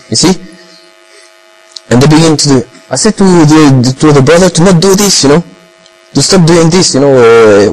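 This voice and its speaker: Speaking at normal speed in a middle-pitched voice, a man rambles through his experiences in casual English, leaning heavily on fillers and Arabic phrases. The rough recording has a steady mains hum and faint music in the background.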